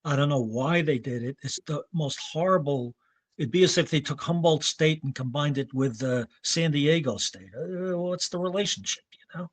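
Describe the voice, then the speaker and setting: A man's voice: a little high, moderate pace, no room sound. Older man telling rambling stories. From New York State. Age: 70s. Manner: rambling, anecdotal, clears throat often. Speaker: veteran running coach. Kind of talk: casual interview talk.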